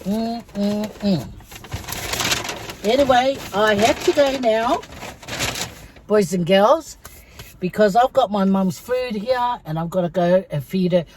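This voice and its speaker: A woman's voice: mid-range voice, expressive, measured pace, noisy background. A middle-aged woman, chatting casually to her viewers in a mukbang vlog and telling stories. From Samoa. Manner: chatty storytelling, addresses viewers as guys. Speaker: vlogger.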